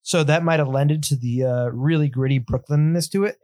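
A man co-hosts a film podcast and gives his views bluntly, laughing easily. His voice sits a little high. The sound is close and dry. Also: brisk, a little mellow, no echo. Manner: blunt, opinionated, laughs often. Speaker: podcast co-host. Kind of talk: casual film review chat.

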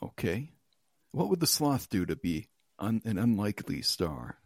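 A man's voice: fairly low pitch, very animated, unhurried, a little mellow, no room sound, clean studio sound. A man hosting a casual podcast chat, reading out headlines and joking with his co-hosts, laughing often. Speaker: podcast host.

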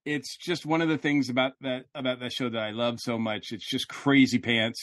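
A man's voice: medium pitch, steady tone, moderate pace, a bit bright, dry recording, clean studio sound. Upbeat jokey man hosting a podcast. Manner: upbeat, jokey, full of fillers. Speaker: podcast host. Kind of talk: casual chat.

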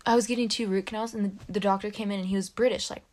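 A young woman co-hosting a casual chat podcast, a giggly storyteller who gets loud when excited. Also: mid-range voice, racing. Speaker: podcast co-host.

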